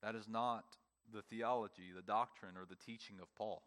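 A man preaching a sermon, emphatic, with pauses and repeated phrases, speaking to a congregation in a church. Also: lowish voice, steady tone, a bit bright. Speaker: pastor.

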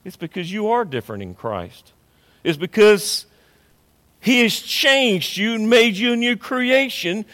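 A man's voice: high-pitched, sing-song, a little slow, a bit bright, long reverb tail. A man preaching a sermon as pastor, emphatic and repetitive, swelling and dropping in intensity.

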